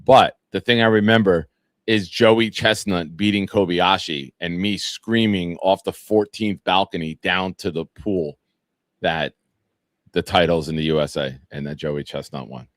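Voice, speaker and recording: A man's voice: low-pitched, steady tone, unhurried, dry recording, clean studio sound. A man, hosting a sports talk show and chatting loosely, rambling through profane stories and fan comments. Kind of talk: casual live-stream chat reading fan comments.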